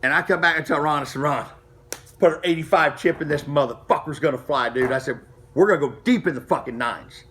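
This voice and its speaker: A middle-aged man casually telling a racing story to camera, profane and animated, acting out the people he quotes. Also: fairly high pitch, brisk, a little hiss or hum. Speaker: street racer telling a story.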